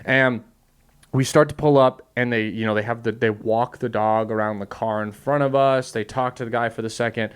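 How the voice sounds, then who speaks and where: A man hosting a podcast, telling a story in casual chat, animated, swearing and laughing often. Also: mid-range voice, normal speed, clean tone. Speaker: podcast host.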